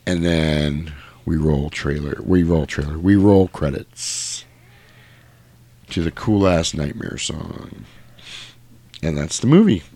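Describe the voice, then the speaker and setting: A man's voice: rumbling low, takes it slowly, long pauses, breathy edge, dry recording. A man casually recapping a film plot for his co-host, acting out the lines. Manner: animated retelling, acting out lines. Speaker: podcast co-host. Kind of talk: casual movie recap chat.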